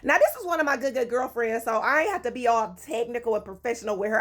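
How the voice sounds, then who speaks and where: A young woman telling a story to her followers in a casual, slangy, animated way, with swearing and dramatic emphasis. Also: a little high, fast, few pauses. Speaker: relationship advice vlogger.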